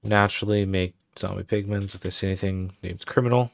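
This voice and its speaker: Speaking briskly in a low voice with vocal fry and fairly even intonation, this man streams his game development work and talks through it casually. He mutters commands aloud as he types, and the recording is dry.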